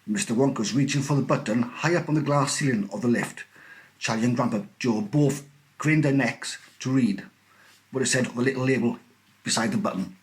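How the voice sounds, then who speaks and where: A male teacher reading a children's storybook aloud in an expressive, animated way. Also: mid-range voice, fairly quick.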